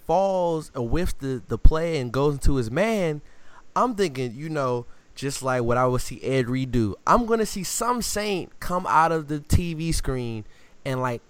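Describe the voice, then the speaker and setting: A man co-hosting a casual sports podcast, telling animated stories and acting out quotes in slang. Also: fairly high pitch, measured pace, clear, resonant tone, no room sound. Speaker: podcast co-host.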